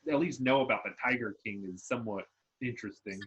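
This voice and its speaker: A man's voice: mid-range voice, fast, fairly bright tone, a little hiss or hum, low-quality recording. A laid-back man co-hosting a casual podcast over a remote call, full of fillers. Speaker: podcast co-host. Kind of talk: casual chat.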